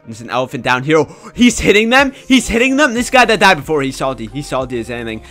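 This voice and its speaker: A young man commentating his own gameplay in a casual, excitable way, often breaking into shouts. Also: fairly high pitch, quick pace. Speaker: gaming YouTuber.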